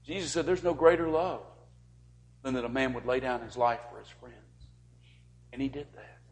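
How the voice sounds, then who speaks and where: A man preaching a sermon to a congregation, rising to forceful peaks and dropping to quiet, earnest pleas. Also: mid-range voice, steady tone, a little fast.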